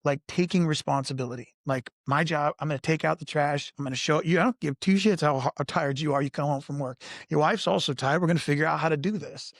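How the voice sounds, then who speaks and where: A man with a fairly high voice speaks in a lively, candid way on a podcast panel, often saying "like" and acting out the people he quotes. The sound is close and dry, with no room around it. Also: fast talker, vocal fry, few pauses, no echo. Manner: animated, acts out quoted voices, frequent "like". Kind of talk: candid conversational storytelling.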